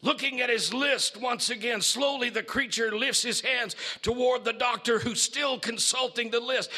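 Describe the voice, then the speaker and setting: A man preaching a sermon, telling a story in a theatrical, slow manner. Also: very high voice, fairly even intonation, bright, forceful tone.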